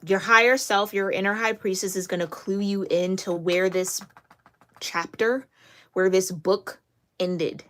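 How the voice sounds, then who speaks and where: A woman giving a casual tarot reading, chatty and excitable, with many fillers and restarts. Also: medium pitch, a little slow. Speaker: tarot reader.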